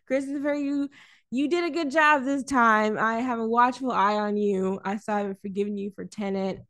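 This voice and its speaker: A woman co-hosting a podcast, chatting casually about films, animated, laughing often and swearing freely. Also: a little high, moderate pace. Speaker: podcast co-host. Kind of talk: casual film review chat.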